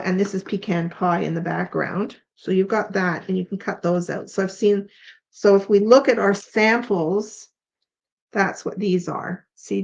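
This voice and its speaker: Tired and yawning, a craft tutorial host from Canada chats her way through a casual demonstration, musing aloud with uncertain asides. She's middle-aged, with a medium-pitched, darkish voice carrying vocal fry, heard on slightly dull lo-fi audio.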